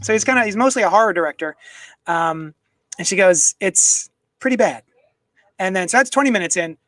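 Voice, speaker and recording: A man's voice: sits high, animated, fast talker, pushed and bright, no echo, low-quality recording. A man casually chatting on a live stream from his home desk, rambling and reading viewer comments aloud into a desk microphone. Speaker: comics unboxing streamer.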